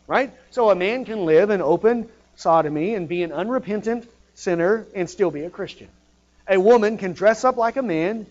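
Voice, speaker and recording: A man delivers a sermon in a high voice, pushing to loud emphatic peaks before falling back low and quiet. The recording is dull and lo-fi. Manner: impassioned, rising to loud emphatic peaks then dropping low. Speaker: preacher.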